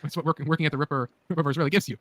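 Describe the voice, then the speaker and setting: A man's voice: on the high side, steady tone, racing, a bit bright, dry recording. A man co-hosting a live stream, teasing and laughing in casual chat. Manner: joking, laughs often, teasing.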